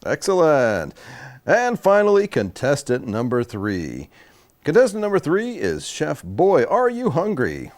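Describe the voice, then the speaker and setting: Young male game show host, wildly swooping pitch, gravelly edges. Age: young adult. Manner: showy, swooping announcer delivery. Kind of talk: comedy game show hosting.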